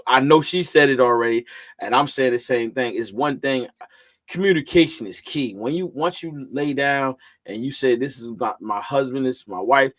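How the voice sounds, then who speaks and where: Excitable man host, casual chat. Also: medium pitch, dry recording.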